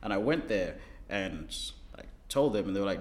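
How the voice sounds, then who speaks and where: A man from South Africa hosting a casual group discussion, talking in a thoughtful, halting way with fillers. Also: deep voice, expressive.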